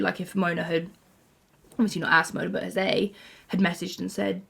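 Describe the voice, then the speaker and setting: A woman's voice: medium pitch, fairly quick, creaky, slightly rough. A young woman in her twenties, rambling through casual TV fan commentary with frequent "like"s and laughs. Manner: rambling, lots of 'like', laughs often. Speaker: YouTuber.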